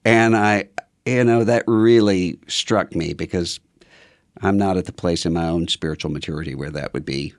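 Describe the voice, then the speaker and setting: An older man, a podcast guest, telling stories in a thoughtful, measured way. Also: low voice, no room sound, studio quality. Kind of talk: casual conversation.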